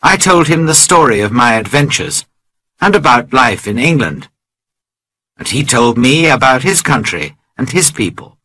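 A man slowly narrating a simple story for English learners, reading clearly and carefully. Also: mid-range voice, big pitch swings, pushed and bright, rough recording.

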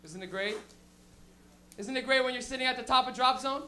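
A young man with a very high, bright voice works a comedy club stage. He tells stories loosely and crudely, full of slang, in an animated stand-up manner. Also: brisk, slight background noise.

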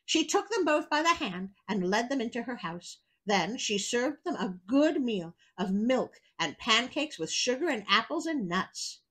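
A woman's voice: a little high, very animated, a little slow, hardly any pauses, fairly bright tone, low-quality recording. A woman hosting a storybook reading, breaking off for wry, chatty asides. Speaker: storyteller host.

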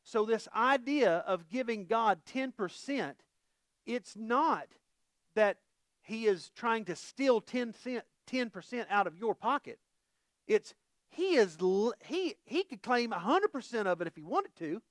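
A man's voice: extremely high pitch, animated, a little slow, dry recording, clean studio sound. A middle-aged man preaching a conversational sermon as pastor, folksy and quizzing the congregation with questions.

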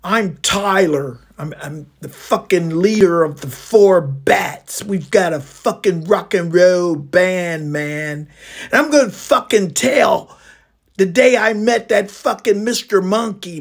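Casting: man as a burnout rock band leader, high gravelly voice, rambling and swearing nonstop. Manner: rambling, swears constantly, ends phrases with "man". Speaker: comedic character monologue. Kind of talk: comedic storytelling monologue.

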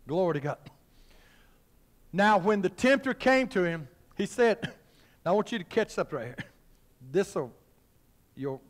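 A middle-aged preacher man with a strikingly high voice, delivering a revival-style sermon in a church. He swells into fervent, near-shouted exhortation and chuckles between his lines. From western Kentucky, USA. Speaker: pastor. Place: church sanctuary.

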